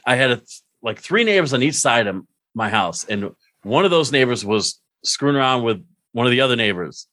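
A man hosts a laid-back podcast and tells rambling, funny anecdotes with a laugh never far away. His middle-pitched voice swings up and down a lot as he talks. It is recorded close and dry, with no room echo. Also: animated, fairly quick, bright, forceful tone. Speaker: podcast host. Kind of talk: casual podcast chat.

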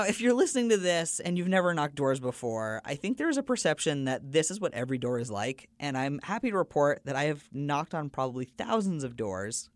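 A man's voice: on the high side, no echo. A man hosting a podcast, telling a personal story in an earnest, conversational way. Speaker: podcast host.

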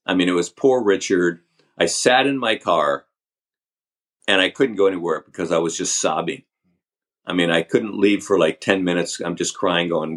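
A man's voice: low voice, unhurried, pauses often, a bit bright. Older man telling a candid story. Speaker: guest. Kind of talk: storytelling interview.

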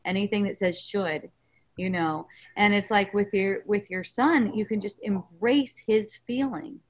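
A woman hosting a spiritual coaching webinar, talking gently and reassuringly in a rambling way over a video call. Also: medium pitch, measured pace, husky, poor audio. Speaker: host.

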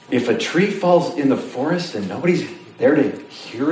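Lively preacher in an echoey room. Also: male voice, mid-range voice, moderate pace, hardly any pauses. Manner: animated, jokey, acts out voices of listeners. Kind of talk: sermon. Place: church sanctuary. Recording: roomy, distant mic with faint noise.

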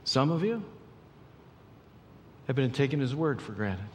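Animated male preacher in a reverberant hall. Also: medium pitch, a little slow, slight background noise. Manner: dynamic preaching, swings from hushed to loud and excited. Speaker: pastor. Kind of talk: sermon.

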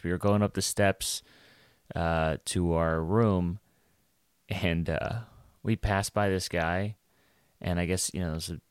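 A man's voice: low voice, clear, resonant tone, dry recording, studio quality. A young adult man, a stand-up comedian, telling a casual rambling story with lots of fillers and restarts.

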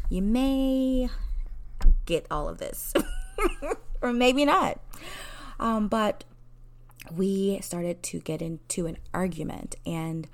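A woman in her forties, a counselor, candidly telling a personal story in a conversational way, laughing at herself. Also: lowish voice. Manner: candid and conversational, laughing at herself, quoting people in lively voices.

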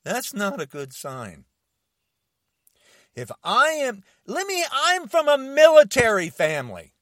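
A man delivering an angry, confrontational rant to camera, shouting and challenging his listeners. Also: very high-pitched, huge pitch swings, takes it slowly, no room sound, studio quality.

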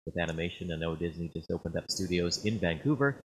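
A man's voice: low voice, animated, fast talker, crowd noise, poor audio. A man hosting a casual interview, asking loose, rambling questions full of fillers. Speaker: interview host.

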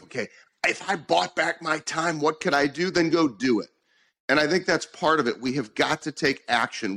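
A man's voice: mid-range voice, a bit bright. A man hosting a podcast interview, talking in an emphatic, motivational way and repeating points for emphasis. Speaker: podcast host.

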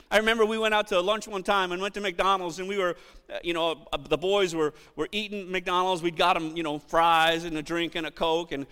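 A middle-aged man preaching a sermon, animated, acting out quotes and shouting for emphasis. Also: high-pitched, clear, resonant tone, in a large hall. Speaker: pastor.

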